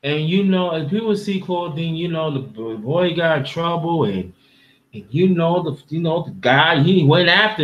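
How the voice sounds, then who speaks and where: The recording is muffled, capturing a Brooklyn-born panel host whose male voice is fairly high and paced in a measured way. He tells a story with emotion, casual and heartfelt, rambling and beginning again many times.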